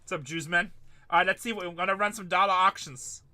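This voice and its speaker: A man's voice: high voice, brisk, sharp tone. A middle-aged man hosting a live card break, rambling and joking, casually swearing as he calls out teams. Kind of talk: livestream sales chat.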